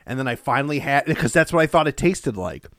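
A man's voice: mid-range voice, very animated, fast, fairly bright tone, dry recording. A man co-hosting a podcast in casual chat, rambling and joking crudely with many filler words, into a studio mic. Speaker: podcast co-host.

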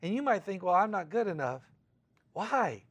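A man preaching a conversational sermon, casual and animated, acting out quoted voices between frequent fillers. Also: high voice, normal speed, breathy edge, muffled recording. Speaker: pastor.

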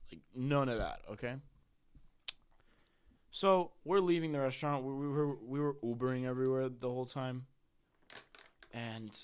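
Young dude ranting about rude people, blunt and cussing, regular pitch voice. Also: male voice. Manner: blunt, profane, worked-up storyteller. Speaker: guest. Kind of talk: casual chat.

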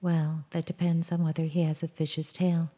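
A woman with a low, dark voice voicing a hoarse, wise old female owl who speaks in a hushed, knowing way. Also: little pitch movement, normal speed, lightly acted.

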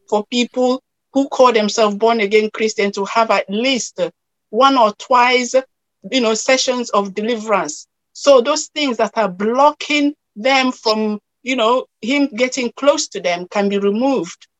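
A woman's voice: fairly high pitch, no echo, low-quality recording. A woman minister, weeping as she speaks, encourages someone with repeated, prayerful phrases.

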